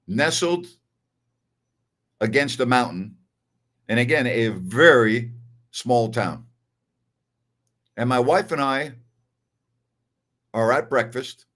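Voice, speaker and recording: An older man hosting a sports talk show, chatting casually and telling stories while repeating phrases for emphasis. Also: mid-range voice. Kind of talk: casual live-stream chat.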